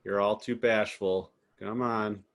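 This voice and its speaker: A man's voice: fairly low pitch, steady tone, slow pace. A man hosting a masterclass over a video call, encouragingly coaxing the audience to ask questions. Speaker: host. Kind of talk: moderating a masterclass.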